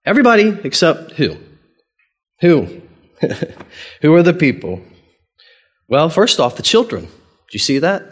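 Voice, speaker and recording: A man's voice: slow, long pauses, slightly rough. A man preaching a sermon as pastor, conversational and playful, acting out quoted dialogue with big swings in voice. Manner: animated, acts out quoted dialogue with big pitch jumps; conversational, playful, chuckles often.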